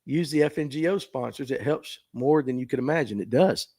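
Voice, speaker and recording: A man's voice: mid-range voice, brisk, darkish tone. A man with a Southern US accent hosting a casual livestream podcast, folksy and self-deprecating as he reads viewer comments. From Southern United States. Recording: phone mic.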